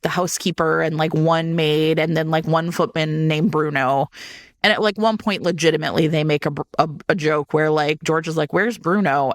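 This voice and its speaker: A woman on a chat podcast tells a book's story with lively energy, acting out the characters' lines as she goes. Her voice has a gravelly edge and is recorded dry and close. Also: deep voice, dry recording. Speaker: podcast co-host. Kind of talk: casual chat about books.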